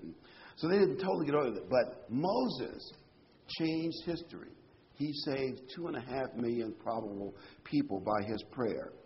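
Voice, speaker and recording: A man delivers a sermon in a relaxed, talky style and lifts his voice high for quoted lines. His pitch sits in the middle range. The recording sounds dull and lo-fi, with a faint hiss underneath. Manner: conversational, animated, pitch jumping up for quoted speech. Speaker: preacher.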